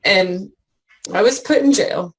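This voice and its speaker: Woman guest, slow gravelly delivery, halting, tearful testimony. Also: medium pitch, rough recording. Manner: halting, many fillers and restarts. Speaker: interview guest. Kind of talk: emotional personal testimony.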